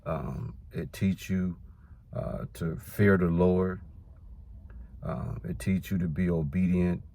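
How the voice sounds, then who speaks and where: Deep-voiced man preaching casually. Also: steady tone, takes it slowly, gravelly, warm tone, slight background noise. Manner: conversational, repeats "man" and "you know"; reads scripture verses aloud, then explains them. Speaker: Bible teacher.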